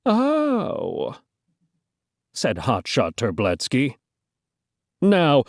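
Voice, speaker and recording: A woman's voice: deep voice, darkish tone, no echo, studio quality. A woman reading a children's storybook aloud, playful, with joking asides to listeners.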